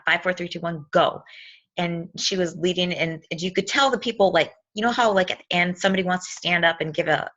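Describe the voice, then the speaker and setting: Bright-voiced woman giving a motivational talk. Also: fairly low pitch, dull audio. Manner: animated storytelling, acts out quotes.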